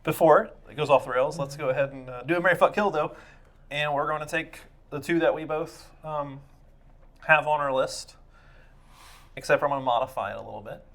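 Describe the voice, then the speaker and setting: A man's voice: fairly high pitch, fairly quick, a bit bright. A man co-hosting a comedy podcast, leading the segments with blunt, crude jokes. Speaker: podcast co-host. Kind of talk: casual podcast banter.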